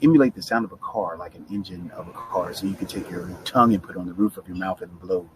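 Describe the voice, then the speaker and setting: Low-voiced and quick, a middle-aged man gives a laid-back video lesson on Spanish pronunciation. He talks chattily, moves between English and Spanish, and keeps checking in with "right?" The low-quality audio has a bit of hiss or hum.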